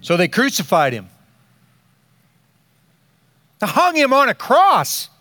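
An older man preaching a sermon, slow and emphatic, with dramatic pauses between phrases. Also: extremely high pitch, huge pitch swings, bright, forceful tone, no room sound. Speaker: pastor.

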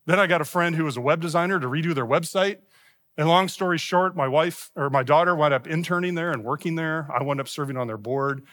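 A middle-aged man preaches a sermon, his voice sitting a little higher than most men's. He talks like he is telling a story to friends, acting out the people he quotes. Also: fairly bright tone. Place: church sanctuary.

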